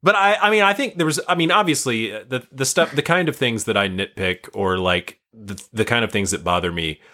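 A man's voice: mid-range voice, fairly quick, sharp tone. A young man co-hosting a podcast, rambling casually with lots of fillers and self-deprecating asides. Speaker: podcast co-host. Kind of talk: casual chat.

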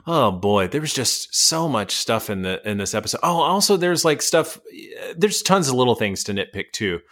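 A man co-hosting a podcast, rambling and nitpicking a TV episode in casual chat, quick to laugh. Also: mid-range voice, very animated, a bit bright. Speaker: podcast co-host.

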